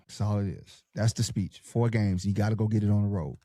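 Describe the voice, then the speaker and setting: Fired-up slangy podcast host with a mellow voice. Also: male voice, fairly low pitch, steady tone, a little fast, few pauses, dry recording, clean studio sound. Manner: fired-up, slangy pep-talk delivery. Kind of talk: casual sports podcast chat, reading live comments.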